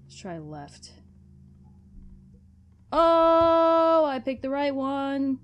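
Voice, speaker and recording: A woman with a slightly high voice narrates her own horror-game playthrough in a slow, unhurried way. She curses freely and talks straight back at the game as if it could hear her. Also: expressive, darkish tone, soft background music. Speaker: let's play gamer. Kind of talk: casual gameplay commentary.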